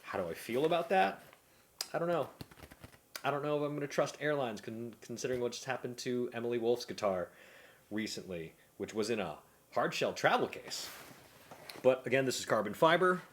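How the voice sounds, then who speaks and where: A man's voice: medium pitch, lively intonation, fairly quick, fairly bright tone, slight background noise. A man, a comedian, casually narrating his own vlog, muttering and joking at himself while he fiddles with gear in a hotel room. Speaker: comedian and vlogger.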